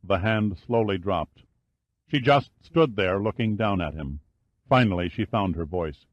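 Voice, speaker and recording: A man narrating an audiobook in a measured, steady reading style. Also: low-pitched, lo-fi sound. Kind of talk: scripted narration.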